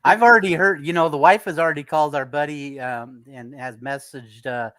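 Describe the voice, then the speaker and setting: A middle-aged man co-hosting a casual sports talk show, halting and stammering as he restarts his sentences. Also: fairly high pitch, fairly bright tone, smooth, dry recording.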